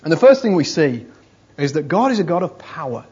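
Man, sermon, fairly high voice, husky tone, dull lo-fi recording. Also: very animated, brisk, darkish tone. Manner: conversational, repeats phrases for emphasis, frequent "you know". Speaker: preacher.

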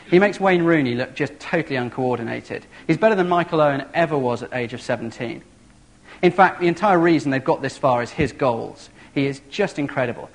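A man preaching a sermon, telling a story in an animated, vivid way. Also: medium pitch.

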